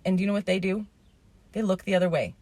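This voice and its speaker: Husky-voiced woman ranting. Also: mid-range voice, steady tone, fast, a little mellow, dry recording. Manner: rambling, indignant, swears then apologizes. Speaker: vlogger. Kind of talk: rambling casual storytelling.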